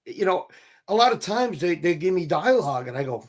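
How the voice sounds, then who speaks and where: A middle-aged male actor tells stories in a relaxed interview, full of energy. His voice sits a little high for a man, and he slips into the voices of the people he quotes. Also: fairly quick. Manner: animated, acts out quoted voices, swears casually. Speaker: actor guest. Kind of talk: casual interview storytelling.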